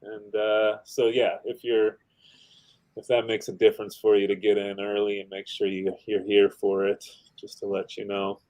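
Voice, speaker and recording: A man's voice: on the low side, completely flat delivery, normal speed, darkish tone, poor audio. A man hosting a casual livestream show, chatting in a laid-back, rambling way with lots of fillers. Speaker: podcast host.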